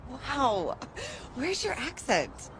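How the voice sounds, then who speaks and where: A woman's voice: high voice, very animated, drawn-out words, noisy background, heavily acted. A woman playing a curious questioner in a comedy sketch, asking in an inquisitive, surprised way.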